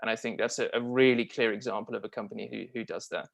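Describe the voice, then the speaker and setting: A man's voice: lowish voice, fast, creaky. A man being interviewed as a copywriter and marketing strategist, talking casually and enthusiastically with frequent fillers and restarts.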